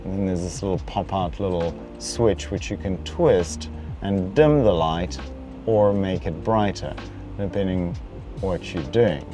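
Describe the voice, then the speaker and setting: A man's voice: sits low, unhurried, music in the background. A young man hosting a comedic car review from a car's back seat, in a playful, mock-pampered way. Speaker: host reviewing a luxury car.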